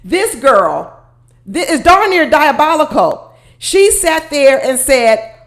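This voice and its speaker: A woman giving casual, animated commentary on a reality show, speaking straight to her viewers and laughing often. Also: high-pitched, slow pace. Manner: talks directly to viewers.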